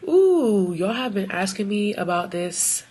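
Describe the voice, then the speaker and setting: A woman beauty vlogger chatting casually through a get-ready-with-me video, animated and sassy. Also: lowish voice, moderate pace, a little hiss or hum.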